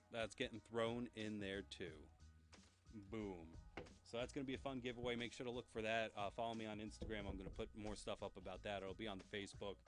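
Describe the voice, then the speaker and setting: A young man hosting his own pop culture news show, chatting in a rambling, enthusiastic way. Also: on the low side. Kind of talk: casual solo show.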